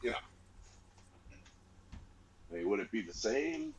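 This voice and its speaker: A man's voice: measured pace, lo-fi sound. Chatty man telling family stories. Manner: animated storyteller, squeaky voice for grandma. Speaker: podcast co-host. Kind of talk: casual storytelling chat.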